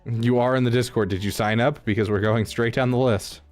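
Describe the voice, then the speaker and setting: A man's voice: medium pitch, steady tone, a little fast, faint music behind. A man streaming live, chatting casually with his viewers, rambling, restarting his sentences and laughing often. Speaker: streamer reading chat.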